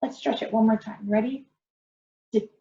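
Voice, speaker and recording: A woman as a patient phonics teacher, slightly high voice, roomy and dull-sounding recording. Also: expressive, slight background noise. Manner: slow, patient, encouraging, stretches out sounds. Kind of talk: early reading lesson for young children.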